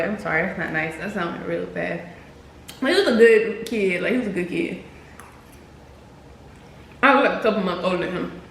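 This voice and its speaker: Young woman vlogger, casual slangy storyteller, bright voice in an echoey room. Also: fairly high pitch. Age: young adult. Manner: chatty, slangy, addresses viewers as "y'all". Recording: echoey room with faint noise.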